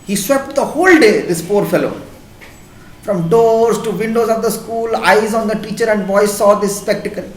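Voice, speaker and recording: A man with an Indian accent delivers an impassioned, emphatic classroom lecture as a teacher. His voice is high-pitched and at normal speed, and the recording has a slight hiss or hum and an echoey classroom sound.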